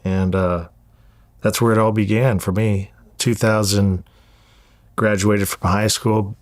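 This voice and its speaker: A man's voice: lowish voice, level tone, takes it slowly, no echo, studio quality. A man in his forties from Southern California, a guest telling his life story in an interview, with a candid, profane, repetitive way of talking. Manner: candid, profane, repeats words as he goes.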